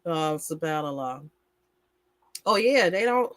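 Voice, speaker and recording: A woman's voice: sits low, no room sound. Laughing New York woman co-hosting. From Brooklyn. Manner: laughing, easygoing, reads out viewer comments. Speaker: co-host. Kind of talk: casual talk show banter.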